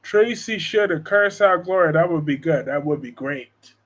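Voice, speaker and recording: A man's voice: a little high, expressive, normal speed. A man hosting a casual live stream from home, joking and reading viewer comments aloud. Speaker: live-stream host discussing soap operas.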